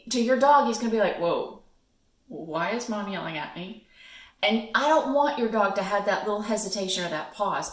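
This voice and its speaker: A woman's voice: on the high side, fairly bright tone. A woman dog trainer explaining things in a friendly way, with fillers and light laughs. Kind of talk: instructional talk. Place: indoors at home. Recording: roomy sound from a distant mic.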